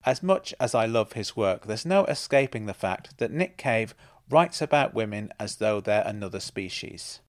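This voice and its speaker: A man's voice: fairly low pitch, no echo, clean studio sound. A man reading his own first-person story in a reflective, wry manner. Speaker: narrator and author.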